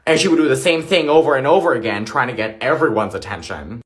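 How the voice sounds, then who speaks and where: A man's voice: mid-range voice, fast. A man telling a sassy storytime, mimicking other people in mocking voices. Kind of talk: casual storytime.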